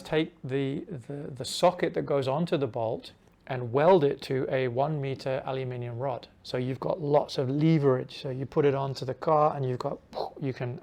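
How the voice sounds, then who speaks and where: A middle-aged man telling a travel story in a relaxed, conversational way. His voice sits at an ordinary mid pitch, and he drops to a near whisper whenever he acts out the dialogue. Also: vocal fry. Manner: animated anecdotal telling, acts out dialogue in hushed asides. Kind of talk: casual storytelling.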